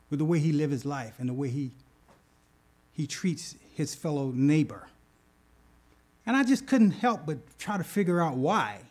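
A man preaching a sermon, retelling scripture with animated bursts and asking the congregation "okay?". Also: fairly high pitch. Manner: animated, rises loud when acting out scripture; addresses congregation with "okay?" asides. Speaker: pastor.

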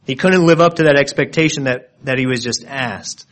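A man's voice: medium pitch, brisk, fairly bright tone. A man preaching an expository sermon, explaining word meanings with frequent restarts and repeated words.

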